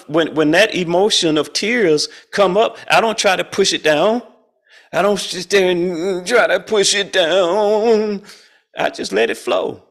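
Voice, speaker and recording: Host: middle-aged man, gravelly and slightly high voice, folksy and chatty, chuckles a lot, on a video call. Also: a bit bright. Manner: folksy, colloquial, chuckles often. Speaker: spiritual study group leader. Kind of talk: casual spiritual talk.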